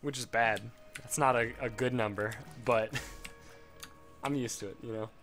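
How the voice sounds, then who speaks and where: Young Chicago man, mid-pitch, rambling profane game commentary, faint music underneath. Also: steady tone, a little slow, fairly bright tone. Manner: rambling, profane, frequent fillers. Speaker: let's play host. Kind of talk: casual gameplay commentary.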